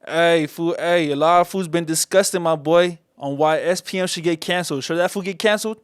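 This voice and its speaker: A man with a fairly high, smooth, resonant voice, talking in loose street slang as a call-in podcast host. The sound is close and dry, with no room around it. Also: fairly quick, no echo. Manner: slangy, repeats "my boy" and "fool" constantly. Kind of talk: casual call-in podcast chat.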